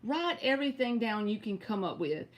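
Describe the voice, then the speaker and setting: A woman's voice: fairly high pitch, big pitch swings, normal speed. Chatty Southern woman reading tarot. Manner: chatty, direct, answers viewers by name. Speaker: tarot reader. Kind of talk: live-stream tarot reading.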